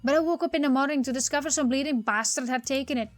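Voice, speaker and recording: A woman's voice: high-pitched, quick pace, no echo, faint music behind, natural voice. A woman voicing a bumbling male police constable with a put-on Cockney accent, melodramatic and weepy, in a text game. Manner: weepy, melodramatic, rhyming slang.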